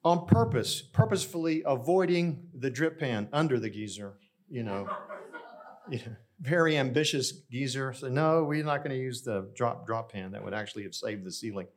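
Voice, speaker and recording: A man's voice: medium pitch, expressive, moderate pace. Male pastor, middle-aged, chatty storytelling sermon. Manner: conversational storytelling, addressing the congregation directly.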